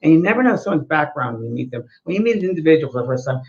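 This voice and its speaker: Man, spiritual talk host, earnest, repeats points, fairly high voice, dull lo-fi sound. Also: big pitch swings, rapid-fire. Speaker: spiritual teacher and show host. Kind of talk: casual spiritual talk and storytelling.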